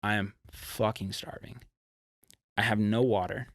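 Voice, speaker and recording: A young man from California, a podcast guest, telling a road story in a casual, profane, animated way. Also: on the low side, measured pace, no room sound, studio quality. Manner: animated, profane, acts out quotes.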